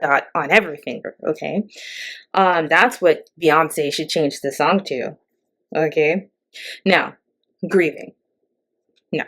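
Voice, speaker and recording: A middle-aged woman hosting a casual, sarcastic ranting monologue, chatty and full of fillers and asides. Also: low voice. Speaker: host.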